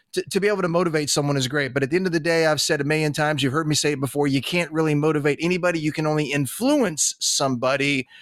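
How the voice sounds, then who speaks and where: A man's voice: a little high, dry recording, clean studio sound. A middle-aged man hosting a sales podcast, talking bluntly and with lots of energy, swearing now and then. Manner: blunt, animated, swears casually. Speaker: podcast host, sales trainer. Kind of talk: casual monologue.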